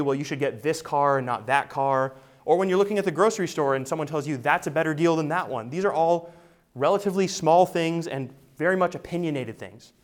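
Man, pastor, sermon, emphatic delivery, rhetorical questions, slightly higher pitch.

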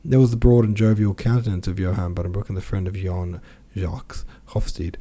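A man reading a classic novel aloud for a podcast, with quick asides of his own between passages. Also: sits low, steady tone, warm tone. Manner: reads with quoted dialogue and brief asides. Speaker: podcast reader.

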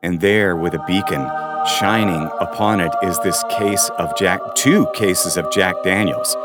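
A man co-hosting a podcast, telling a funny story in a casual, animated way. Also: a little slow, over loud music. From Arkansas, US. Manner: animated storyteller, voices his friends with a jump in pitch. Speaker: podcast co-host.

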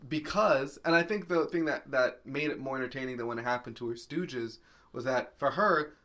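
A man's voice: mid-range voice, moderate pace, sharp tone. A man co-hosting a podcast, talking in a laid-back, profane, agreeable way. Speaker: podcast co-host. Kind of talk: casual chat.

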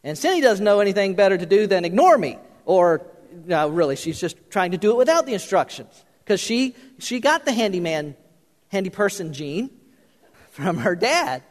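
A man's voice: sits high, sing-song, normal speed. An older male pastor preaching a folksy, joking sermon, full of fillers and restarts. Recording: long hall reverb.

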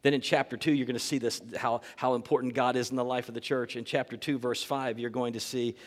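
A man's voice: medium pitch, flat delivery, quick pace, in a large hall. A man preaching a sermon as pastor, earnest and emphatic, repeating key phrases for weight.

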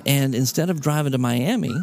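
A man in his thirties from Louisiana, hosting a podcast in casual chat, easygoing and quick to laugh, often trailing off with "uh". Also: medium pitch, gravelly, a little mellow, soft background music. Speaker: podcast host.

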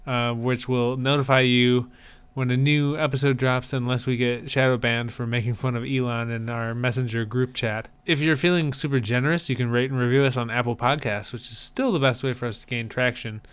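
A man's voice: medium pitch, steady tone, brisk, a bit bright, clean tone. A man co-hosting a podcast in casual chat, with dry, wry humor. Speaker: podcast co-host.

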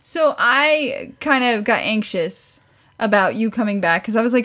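Woman podcast host, slightly high voice, encouraging, casual. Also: animated, measured pace, fairly bright tone. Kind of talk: casual chat.

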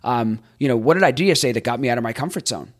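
A man hosting a podcast, recapping on his own in a chatty way, thinking out loud and tossing in rhetorical questions. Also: medium pitch, animated, very fast. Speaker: podcast host.

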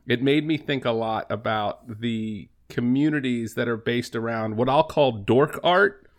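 A man co-hosts a comedy podcast in a relaxed, rambling way. He pokes fun at himself with dry, wry asides. His voice sits in a plain middle pitch. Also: measured pace. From New Jersey. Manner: wry, rambling, self-deprecating. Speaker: podcast co-host. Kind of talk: casual comedic chat.

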